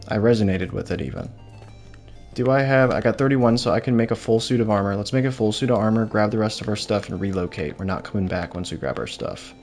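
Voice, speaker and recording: Young male streamer, loose rambling delivery, low-set voice, light music under. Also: darkish tone. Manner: rambling, laid-back, reads chat aloud. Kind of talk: casual live-stream chat while gaming.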